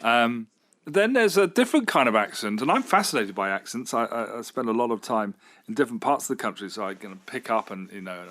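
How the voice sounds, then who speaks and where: A man's voice: mid-range voice, lively intonation, fairly quick, fairly bright tone. A middle-aged man, a radio station manager, answering interview questions in an enthusiastic, rambling way with fillers and restarts.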